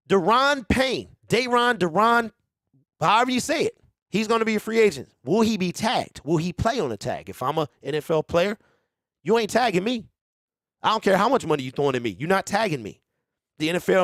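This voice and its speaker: This is a man from Detroit with a high voice, hosting a casual fan commentary stream. He is animated and keeps hyping his viewers, checking in with them constantly. His voice is recorded close and dry. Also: dry recording. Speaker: sports show host.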